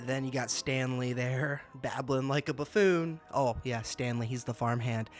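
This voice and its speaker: A man's voice: mid-range voice, fairly even intonation, a little slow. Young man, casual review host, exasperated laughing tone, stammering repeats, faint music underneath. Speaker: booktuber host.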